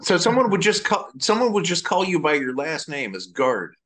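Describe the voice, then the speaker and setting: A man's voice: fairly high pitch, sing-song, moderate pace, fairly bright tone. A man interviewing a guest, asking eager, surprised questions. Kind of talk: casual interview. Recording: distant from the microphone.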